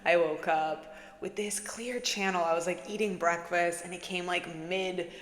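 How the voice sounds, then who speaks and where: Laid-back woman vlogger, lowish voice, rambling casual chat, recorded in a reverberant room. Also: fairly even intonation, unhurried. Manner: chatty, giggly, says "like" a lot. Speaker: spiritual vlogger. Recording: echoey room with long reverb.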